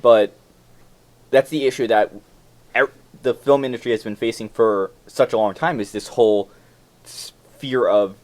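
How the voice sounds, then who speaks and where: A man's voice: medium pitch, normal speed, long pauses. A teenage boy co-hosting a school podcast, often jumping in to finish other people's sentences. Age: teens. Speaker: student podcast co-host. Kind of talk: casual chat.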